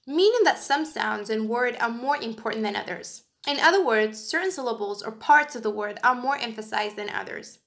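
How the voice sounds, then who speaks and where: Gravelly-voiced woman teaching pronunciation. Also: on the high side, a bit bright. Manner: clear, emphatic, demonstrates word stress slowly. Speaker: English teacher. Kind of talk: scripted lesson narration.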